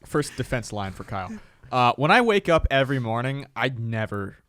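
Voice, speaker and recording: A man's voice: medium pitch, sing-song, normal speed, a bit bright, no echo. A young man co-hosting a casual podcast, defending himself with self-deprecating jokes. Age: young adult. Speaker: podcast host. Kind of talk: casual chat.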